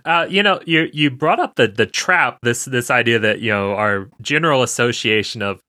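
A man's voice: medium pitch, moderate pace, bright, forceful tone, no room sound, clean studio sound. An American man hosting a casual podcast, curious and laughing often as he chats about words. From United States. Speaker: podcast host.

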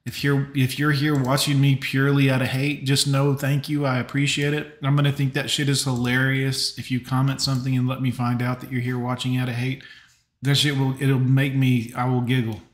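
A man's voice: medium pitch, level tone, fairly quick. Chatty man streaming in a roomy space. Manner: chatty, banters with chat viewers, blunt advice. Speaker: live stream host. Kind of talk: casual live reaction stream. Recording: roomy echo.

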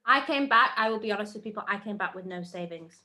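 A young woman who is a guest on a podcast, telling stories in casual chat, animated and quick to laugh. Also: mid-range voice. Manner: animated storyteller, laughs and restarts a lot.

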